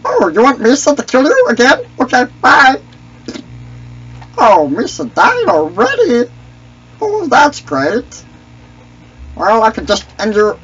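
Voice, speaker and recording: A man's voice: very high voice, huge pitch swings, slow pace, long pauses, fairly bright tone, breathy edge, lo-fi sound, exaggerated voice. A young man voicing a goofy, clumsy male alien sidekick in a squawky, cracked voice with broken grammar, taunting other players. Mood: mocking. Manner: taunting, trash-talking.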